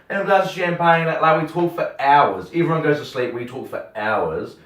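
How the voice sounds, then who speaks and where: A young man with a New Zealand accent, a radio host telling a story in casual chat, animated and acting out the dialogue, swearing freely. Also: a little high, moderate pace, hardly any pauses. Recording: roomy sound from a distant mic.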